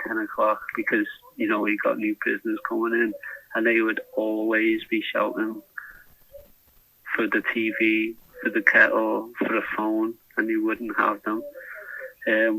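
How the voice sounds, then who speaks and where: A man's voice: on the low side, pushed and bright, no echo. A man telling his diary down a prison phone, rambling and hesitant with restarts. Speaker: podcast diarist. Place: prison cell. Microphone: phone handset. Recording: phone line recording.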